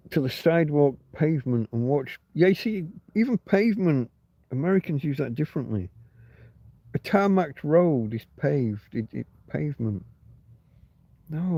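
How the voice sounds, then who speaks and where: A man's voice: medium pitch, gravelly, mellow, dry recording. A man hosting a casual livestream, rambling and swearing freely as he answers chat comments. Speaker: livestream host.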